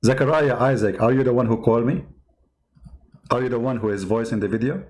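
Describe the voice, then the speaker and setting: A man's voice: medium pitch, fast, a little mellow. A man with a strained voice, not a native English speaker, hosting a combative call-in debate and mocking his callers. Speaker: host of a call-in debate stream.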